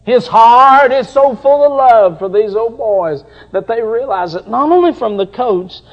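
A middle-aged man preaching a sermon with passion, dropping at times to soft, tender passages. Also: very high voice, lively intonation, measured pace, dull audio.

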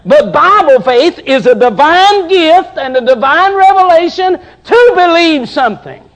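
High-pitched impassioned preacher. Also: male voice, animated, measured pace, rough recording. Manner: impassioned preaching that drops to soft, tender passages. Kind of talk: sermon.

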